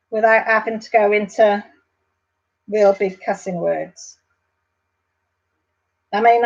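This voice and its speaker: A woman's voice: mid-range voice, slightly rough, muffled recording. An English woman hosting a casual live stream, chatting and reading out viewer comments in a rambling, affectionate way.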